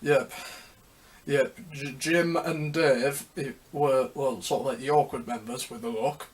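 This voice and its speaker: A man hosting a music history video, talking casually and unscripted, rambling and halting with many restarts. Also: mid-range voice, fairly even intonation.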